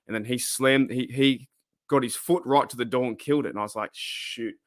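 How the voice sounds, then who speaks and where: A man's voice: mid-range voice, fairly even intonation, brisk. A man hosting a casual live-streamed fan podcast, rambling and reacting to chat comments. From Australia.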